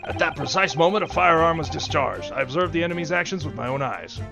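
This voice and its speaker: A man's voice: on the high side, expressive, quick pace, creaky, over music, pitched above the performer's own voice. A man putting on a pompous military witness.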